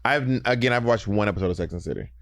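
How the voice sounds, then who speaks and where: A man co-hosting a podcast in casual chat, quick and chatty, often correcting himself mid-sentence. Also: fairly low pitch, no echo, studio quality. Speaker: podcast co-host.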